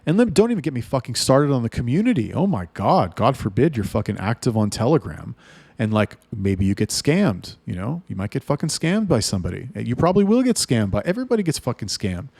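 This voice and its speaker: A man giving blunt, heavily profane advice in a ranting monologue. His pitch jumps up to hit his points. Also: brisk, vocal fry, husky, no room sound. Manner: lively, rising in pitch for emphasis. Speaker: OnlyFans agency owner giving advice.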